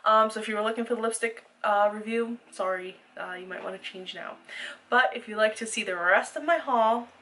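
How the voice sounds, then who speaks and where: A woman's voice: fairly high pitch, pushed and bright, distant mic, a little hiss or hum, low-quality recording. A woman giving a chatty, detailed makeup haul review, with fillers as she goes. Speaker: beauty vlogger.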